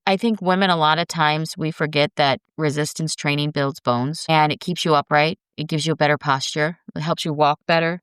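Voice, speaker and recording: A woman's voice: low voice, a bit bright, clear, resonant tone, no echo, clean studio sound. A middle-aged woman hosting a show, talking casually and earnestly to her viewers about health and weight loss in a coaching way. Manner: earnest, coaching, addresses listeners as guys. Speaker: podcast host.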